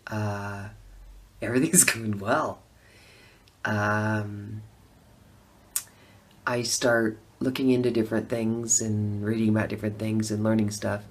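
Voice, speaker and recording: Her voice is very deep and steady, and she takes it slowly with long pauses. This middle-aged former Democrat voter chats through her personal story, laughing frequently and performing her own reactions.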